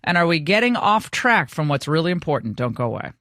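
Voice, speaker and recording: A woman hosts a talk show in a forceful, sharp-edged voice, brisk and teasing. Her opinions come out quick and plain. The sound is close and dry. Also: low voice, sing-song, dry recording. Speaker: talk radio host. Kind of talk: opinionated talk radio monologue and chat.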